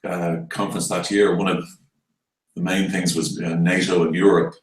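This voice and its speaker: A man's voice: sits low, little pitch movement, moderate pace. An Irish man in a casual roundtable chat, talking in a wry, rambling and hesitant way. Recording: echoey room.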